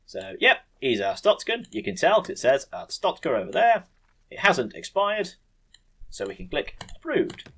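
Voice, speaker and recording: A man's voice: sits high, very animated, moderate pace, gravelly, a bit bright, breathy edge. A man hosting a casual let's play, rambling and self-deprecating as he reads game text aloud. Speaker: gaming channel host.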